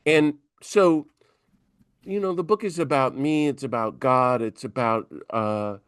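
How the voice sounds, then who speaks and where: Male priest, animated storyteller, mid-pitched voice, dry close sound. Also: a little slow, clean tone, no echo. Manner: animated storyteller who acts out dialogue. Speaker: priest, interview guest. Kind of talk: conversational storytelling.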